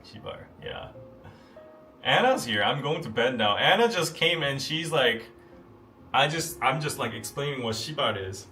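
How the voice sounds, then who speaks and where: A man in his thirties hosts a live podcast in a loose, rambling chat full of fillers. His voice sits at an ordinary middle pitch. He is picked up a little away from the mic, with faint music underneath. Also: lively intonation, measured pace, bright, forceful tone, recorded from a distance. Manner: rambling, chatty, with frequent fillers. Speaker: podcast host. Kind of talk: casual livestream chat.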